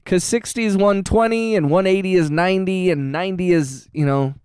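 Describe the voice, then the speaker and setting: A man's voice: sits high, fairly quick, darkish tone, clear, resonant tone, no echo, clean studio sound. A young man from the United States producing music on a live stream, chatting casually with viewers in a slangy, joking, laid-back way and laughing often, recorded on a phone. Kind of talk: casual livestream chat.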